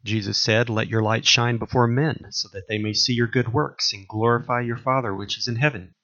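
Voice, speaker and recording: A man preaching, reading a long series of scripture commands aloud in a measured, solemn way. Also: medium pitch, fairly even intonation, pushed and bright. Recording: dull lo-fi recording.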